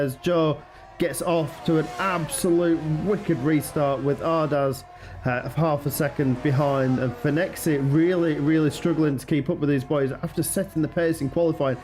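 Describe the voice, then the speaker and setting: A man's voice: a little high, moderate pace, faint music behind. A man with a northern English accent calling an esports race live, chatty and teasing his co-commentator. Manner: chatty, bantering, excitable at crashes.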